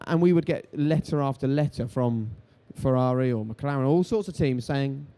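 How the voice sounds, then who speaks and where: A man, a TV presenter on a live stage telling animated stories and acting out the voices of people in them. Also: medium pitch. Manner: animated, quick, acts out voices in his stories. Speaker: TV sports presenter, interviewed guest. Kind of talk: lively anecdotal storytelling on stage. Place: live event stage before an audience.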